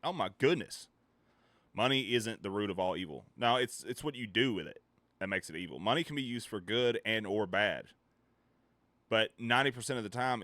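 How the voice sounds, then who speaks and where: A man streamer ranting in casual chat, animated, swearing and laughing between points. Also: on the low side, dry recording. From United States.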